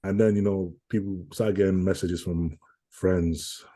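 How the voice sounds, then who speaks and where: A young man talks in an interview with a deep, husky voice. His tone is dark and mellow, and he tells his story earnestly. He keeps repeating phrases and acts out other people's words as he goes. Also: fairly even intonation, measured pace. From United Kingdom. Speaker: guest, professional bodybuilder.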